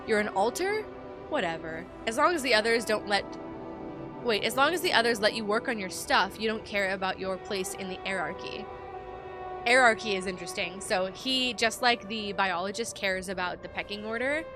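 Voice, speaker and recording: A woman streaming a video game, commenting live and reading the game text aloud, animated and joking, swearing freely. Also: medium pitch. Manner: animated, swears freely, jokes and reacts loudly.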